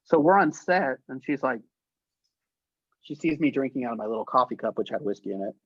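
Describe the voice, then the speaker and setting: A man guest, an actor and effects artist, telling profane stories in a casual, animated interview and laughing through them. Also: mid-range voice, a little fast, husky, no room sound, muffled recording. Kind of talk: casual anecdotal storytelling.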